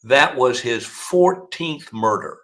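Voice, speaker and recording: A man's voice: mid-range voice, takes it slowly. An older man with a Southern accent, a defense attorney telling long courtroom stories as an interview guest. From South Carolina. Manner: gravelly, animated storyteller. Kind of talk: storytelling interview answers.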